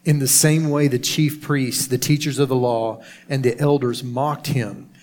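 A man, a pastor, reading Bible passages aloud in a steady, measured way. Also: medium pitch, slight background noise. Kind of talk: scripture reading.

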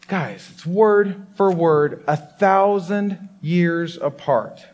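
Animated preacher in a reverberant hall. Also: male voice, fairly high pitch, takes it slowly, few pauses. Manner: animated, emphatic preaching to a congregation. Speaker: pastor. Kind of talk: sermon. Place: church hall with congregation.

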